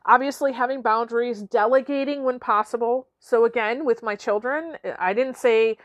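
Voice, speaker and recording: A middle-aged woman with a fairly high voice talks through life advice in a loose, conversational coaching style. She keeps checking in with her listeners and laughs easily. Her voice is close and dry, with no room sound around it. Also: normal speed, no room sound, dull audio. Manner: conversational, frequent "okay?" and "right?" asides; laughs often. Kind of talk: motivational talk.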